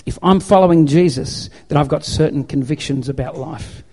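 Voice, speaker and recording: A man's voice: on the high side, moderate pace, darkish tone, husky. A man preaching a sermon into a handheld microphone to an audience, in an emphatic, repetitive exhorting manner. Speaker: pastor.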